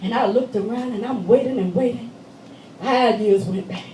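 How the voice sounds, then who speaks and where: A woman performs a dramatic monologue, telling her story emphatically and addressing listeners like friends. Her high voice rings around a reverberant church hall, captured from a distance with faint ambience underneath. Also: normal speed, mellow, a little hiss or hum. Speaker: stage performer. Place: church meeting room.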